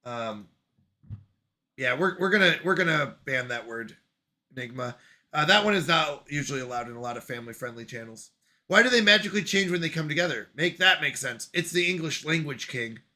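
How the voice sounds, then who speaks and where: A man's voice: on the high side, lively intonation, a little fast, sharp tone. A man hosting a casual live stream from his couch at home, reading chat and bantering playfully with lots of laughter. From Canada. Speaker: livestream host reading chat.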